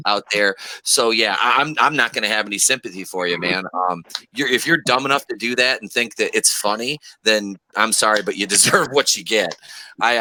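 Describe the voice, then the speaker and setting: A man's voice: lowish voice, sharp tone, no echo, rough recording. A man co-hosting a podcast, talking in crude, brash casual banter and laughing often. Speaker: podcast co-host.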